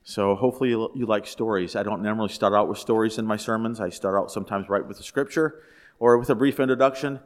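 A man's voice: fairly low pitch, fast. A man pastor giving a sermon in a conversational storytelling way, asking the listeners questions. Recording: echoey hall.

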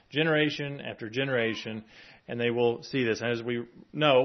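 A man preaching a sermon in a conversational way, with chuckling asides between the scripture reading. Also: medium pitch. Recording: dull lo-fi sound.

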